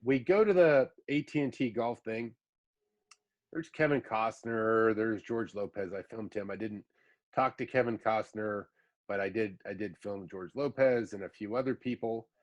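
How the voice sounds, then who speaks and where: A man's voice: on the low side, normal speed, lo-fi sound. A man in his fifties hosting a podcast, telling long rambling anecdotes with lots of asides in a casual chat. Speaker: podcast host.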